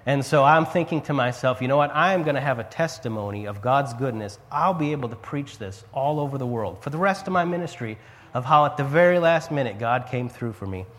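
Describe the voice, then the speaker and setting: Guy preaching his story, restarts a lot, middle pitch, echoey big hall sound. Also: fairly quick. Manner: storytelling, repeats words, animated rises and drops. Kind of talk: sermon testimony.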